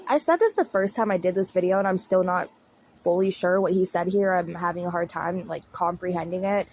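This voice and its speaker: A woman's voice: fairly low pitch, brisk, a little mellow, slight background noise. A woman chatting casually and laughing often as she comments on a clip. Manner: chatty, giggly, slangy. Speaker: commentary YouTuber.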